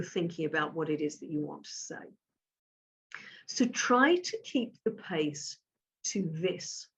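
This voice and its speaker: A middle-aged woman giving a communication coaching talk to camera, with an emphatic, measured delivery. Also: on the low side, animated, creaky, lo-fi sound.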